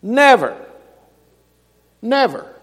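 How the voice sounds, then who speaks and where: Male preacher, folksy and emphatic, higher register, reverberant sanctuary. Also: big pitch swings, drawn-out words. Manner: folksy storytelling, rising to emphatic shouts. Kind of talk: sermon.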